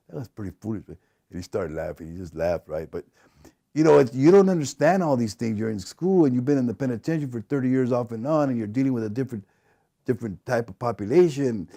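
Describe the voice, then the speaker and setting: A middle-aged man telling stories in an interview, acting out what people said and laughing often. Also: mid-range voice. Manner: animated, acts out quoted dialogue, laughs often. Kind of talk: casual storytelling interview.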